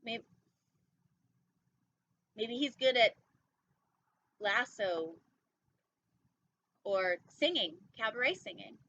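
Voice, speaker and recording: A woman's voice: a little high, lively intonation, drawn-out words, long pauses, pushed and bright. Playful woman reading a picture book aloud. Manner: playful, silly, chatty with asides and jokes. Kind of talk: storytime read-aloud with chatty asides. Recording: dull lo-fi sound with faint noise.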